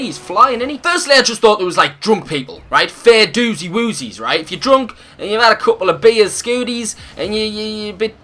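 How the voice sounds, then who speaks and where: Loud, sweary man ranting. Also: high-pitched. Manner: animated, profane ranting with comic insults. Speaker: gaming video host. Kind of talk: ranting storytime over gameplay.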